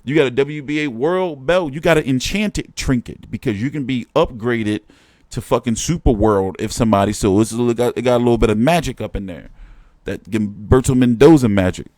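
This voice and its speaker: A man ranting through a casual live stream, exasperated and full of cussing and slang. His voice sits at an ordinary pitch, recorded close and dry with no room sound. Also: fairly quick, a little mellow, dry recording. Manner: profane, rambling and exasperated; slangy street talk. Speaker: boxing show host.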